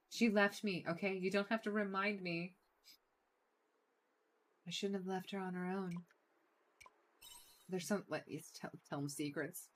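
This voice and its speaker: A woman's voice: mid-range voice, measured pace, pauses often. A woman giving casual, joking commentary while playing a video game and talking back to its characters. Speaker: let's play streamer.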